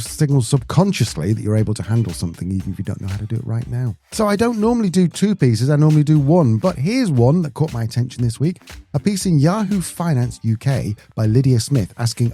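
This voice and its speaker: Mellow-voiced man, chatty host. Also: medium pitch, very animated, brisk, breathy edge. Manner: chatty, jokey, self-interrupting. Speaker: podcast co-host. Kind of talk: casual podcast chat.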